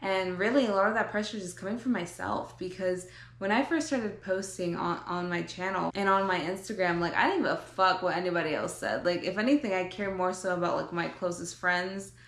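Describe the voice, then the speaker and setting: A woman's voice: fairly low pitch, a little fast, a bit bright, roomy sound. A young woman, a fitness vlogger and coach, talking candidly and earnestly about her journey in a casual, reflective way. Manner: candid, earnest, casual with frequent fillers and some swearing. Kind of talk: reflective personal vlog talk.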